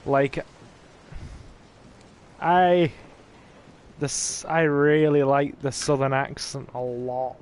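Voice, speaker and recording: A man's voice: medium pitch, slow, long pauses, clean tone. A man streaming a horror game, chatting casually with viewers and reading their comments aloud with jokey asides. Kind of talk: laid-back livestream commentary.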